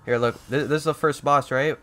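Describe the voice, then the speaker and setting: A man giving casual let's-play commentary, excitable and profane, trash-talking the game as he plays. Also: mid-range voice, a little fast. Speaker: gaming YouTuber.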